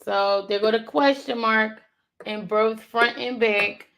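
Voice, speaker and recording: A woman learning a language, thinking aloud and slowly repeating words to practice them. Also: fairly high pitch, fairly even intonation, gravelly, fairly bright tone. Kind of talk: thinking aloud while studying.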